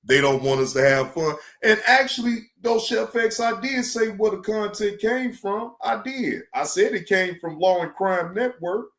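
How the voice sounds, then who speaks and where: A man's voice: unhurried, hardly any pauses, echoey room. A man chatting loosely and profanely on a live stream. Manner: loose, animated, profane, slangy, mimics others in high voice. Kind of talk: casual live stream chat.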